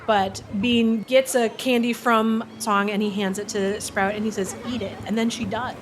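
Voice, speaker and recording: A woman's voice: on the high side, steady tone, normal speed, noisy background. A woman running a tabletop role-playing game as game master, narrating playfully and often laughing.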